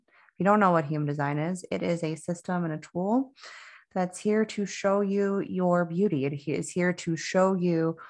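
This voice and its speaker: Chatty woman, low voice, podcast co-host. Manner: chatty and rambling, frequent restarts and laughs. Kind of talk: casual spiritual podcast chat.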